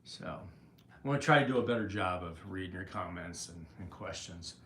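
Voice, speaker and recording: A man's voice: low voice, lively intonation, normal speed, a bit bright, roomy sound. A man hosting a casual livestream, greeting viewers by name while out of breath and rambling through restarts. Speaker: livestream host.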